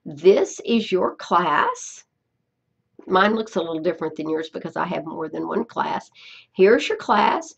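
A woman's voice: fairly low pitch, expressive, measured pace, vocal fry, slightly rough. A woman teaching Spanish in a screencast tutorial, explaining step by step, repeating herself and checking in with "okay?".

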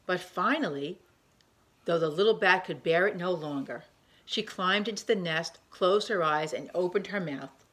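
A woman reading a picture book aloud to children, gently pausing to point out the pictures. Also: lowish voice, slightly rough.

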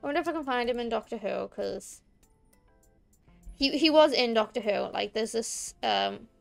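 High-voiced Liverpool woman streaming. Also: big pitch swings, normal speed, creaky, faint music behind. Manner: rambling, chatty, emphatic. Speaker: VTuber streamer. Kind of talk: casual gameplay chat.

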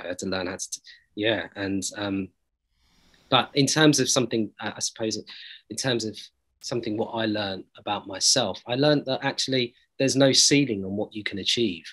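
A man's voice: lowish voice, normal speed, bright, forceful tone, low-quality recording. A man, an actor being interviewed, giving earnest, reflective answers full of hesitations and restarts. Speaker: actor interviewed about a series.

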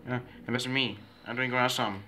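A man's voice: medium pitch, fairly even intonation, brisk, pushed and bright, a little hiss or hum. A man fooling around in a playful home video, giggling, repeating himself and inventing silly names for himself.

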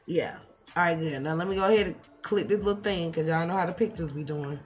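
A let's play streamer, a woman with a fairly low voice, talks fast while playing a life-sim game. Her chatty commentary is full of swearing and swings between mumbling and loud outbursts.

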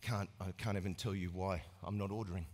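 A man voicing an awkward man who stammers as he refuses to order lunch, low and hushed, in an echoey hall. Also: fairly even intonation, a little fast, slight background noise, close to an everyday voice. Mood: flustered.

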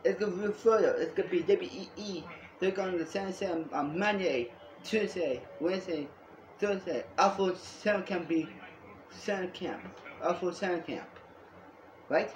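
A man rambling excitedly in a home video monologue, repeating himself and jumping between topics. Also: high-pitched, measured pace, a little hiss or hum. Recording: echoey room.

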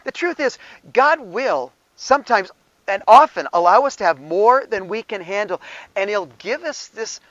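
High-voiced man preaching conversationally. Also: lively intonation, moderate pace, fairly bright tone, dry recording, lo-fi sound. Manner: conversational preaching with asides and chuckles. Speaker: pastor. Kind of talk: sermon.

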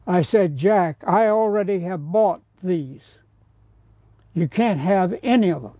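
A man's voice: sits high, expressive, slow, dark tone, dry recording. A man from America telling anecdotes, acting out other people's lines and sometimes dropping to a whisper. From United States. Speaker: painter telling stories. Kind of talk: anecdotal storytelling.

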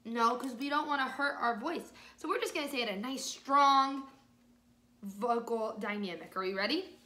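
A woman music teacher reading a picture book aloud to young children, slow and exaggerated, with encouraging praise, sung bits and shifts between whispers and loud parts. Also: fairly high pitch, echoey room. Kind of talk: children's storytime read-aloud and music lesson.

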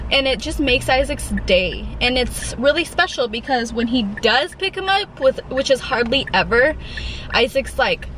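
A woman's voice: sits high, animated, normal speed. A young woman vlogging casually to her handheld camera, chatty and rambling, with lots of fillers as she shows her shopping. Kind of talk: casual shop-with-me vlog. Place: in her car, then at home. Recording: loud background noise.

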